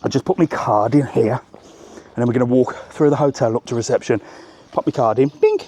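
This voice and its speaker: Brisk and mid-range, this middle-aged man's voice carries a little hiss or hum. He's a travel vlogger walking around a hotel resort outdoors, giving a lively live tour to his phone camera and constantly saying "look."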